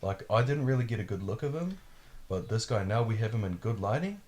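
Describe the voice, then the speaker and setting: Podcast host, man, lowish voice, loose, swearing storyteller who acts out the people in his story. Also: a little fast. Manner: profane, animated, acts out quotes. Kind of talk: casual storytelling.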